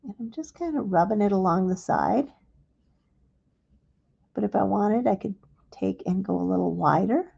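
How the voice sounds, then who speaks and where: Gravelly, mellow woman teaching crafts. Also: mid-range voice, animated, dull audio. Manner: gentle, unhurried step-by-step explaining. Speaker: craft instructor. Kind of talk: live crafting demonstration.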